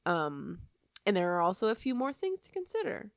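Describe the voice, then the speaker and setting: A woman's voice: medium pitch, huge pitch swings, normal speed, vocal fry, dry recording, studio quality. A woman co-hosting a podcast who recounts a story in a chatty, self-deprecating way, full of fillers. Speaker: podcast co-host.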